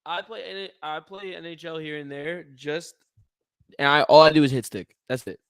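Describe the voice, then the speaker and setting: A man's voice: fairly high pitch, moderate pace, clean tone, no echo, clean studio sound. A young man co-hosting a casual sports podcast, playfully indignant and saying "bro" a lot. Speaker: podcast co-host.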